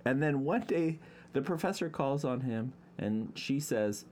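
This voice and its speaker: A man's voice: medium pitch, lively intonation, unhurried, a little mellow, a little hiss or hum. Laughing man telling a story on a podcast. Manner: laughs often, tells stories. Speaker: podcast co-host. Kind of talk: casual chat.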